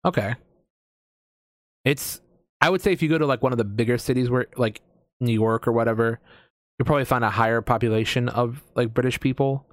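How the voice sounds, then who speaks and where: A man's voice: mid-range voice, a little fast, pauses often, no room sound. American man, casual podcast host, rambling and profane, dry close-miked sound. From United States. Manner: rambling, swearing, many fillers and restarts. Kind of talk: casual chat.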